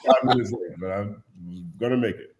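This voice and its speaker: A man's voice: on the low side, moderate pace, darkish tone. A male podcast guest chatting in an easygoing way and laughing often. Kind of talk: casual interview chat.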